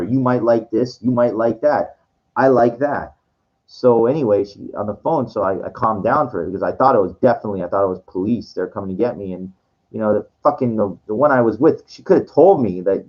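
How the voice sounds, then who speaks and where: A man tells a long personal story in a loose, rambling way, stopping and restarting often. His voice sits low. The recording sounds dull and lo-fi. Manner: rambling, many fillers and restarts. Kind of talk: casual storytelling monologue.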